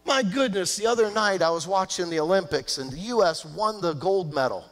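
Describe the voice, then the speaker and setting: A male pastor preaching a sermon, emphatic, swinging between loud outbursts and hushed lines. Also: high-pitched, lively intonation, moderate pace. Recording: long church hall reverb.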